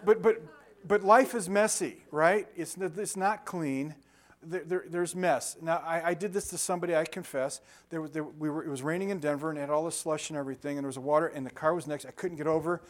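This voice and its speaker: Preaching a sermon, this older pastor speaks in a somewhat raised pitch, weaving between scripture and loose personal anecdotes. His storytelling is conversational, with frequent sentence restarts and laughter at himself.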